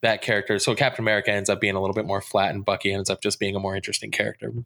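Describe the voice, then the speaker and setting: A man co-hosting a casual podcast chat, giving measured, thoughtful opinions. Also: fairly low pitch, level tone, vocal fry, sharp tone.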